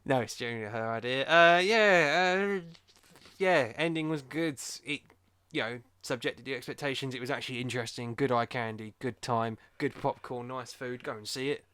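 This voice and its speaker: A man's voice: medium pitch, normal speed, bright, forceful tone, clear, resonant tone. Man with a sore throat. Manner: jokey, rambling, breaks into silly voices. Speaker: podcast co-host. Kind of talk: casual chat.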